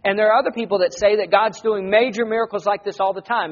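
A man preaching a sermon in an earnest, conversational way that rises to loud emphasis. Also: sits high, fairly even intonation, fast, hardly any pauses, dull audio.

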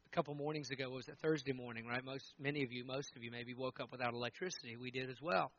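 A man's voice: mid-range voice, fairly even intonation, quick pace, fairly bright tone, highs cut off. A man in his thirties preaching a sermon, talking conversationally and acting out the quotes he tells. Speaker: pastor.

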